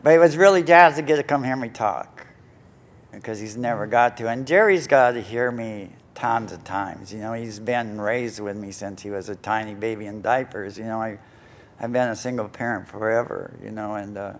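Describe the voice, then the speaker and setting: A man's voice: on the low side, moderate pace, slight background noise. An older man speaking at a recovery conference, telling his own story in a rambling, self-mocking way with many fillers. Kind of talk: personal story talk to an audience. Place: conference hall stage.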